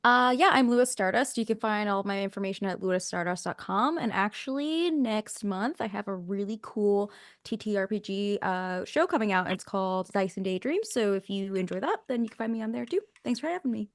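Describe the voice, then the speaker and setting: A woman guest player briefly and brightly telling where to find her work. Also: mid-range voice, fairly quick, dry recording, studio quality. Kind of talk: casual self-promotion.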